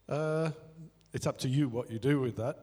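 A man's voice: medium pitch, warm tone, husky. Self-deprecating man telling his testimony in a church. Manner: candid, self-deprecating storytelling with quoted inner dialogue. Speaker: church elder. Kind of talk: personal testimony in a church service. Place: church hall. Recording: echoey hall with faint music.

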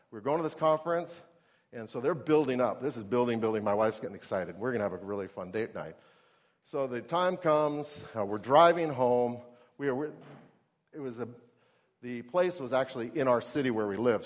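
A middle-aged man preaching a sermon in a conversational way, asking the audience questions and acting out everyday scenes. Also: medium pitch.

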